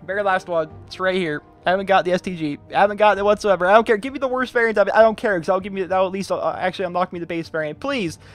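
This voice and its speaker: High-voiced exasperated young gamer. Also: male voice, rapid-fire, hardly any pauses, faint music behind. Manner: animated, exasperated, pleading. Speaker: gaming YouTuber. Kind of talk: gameplay commentary.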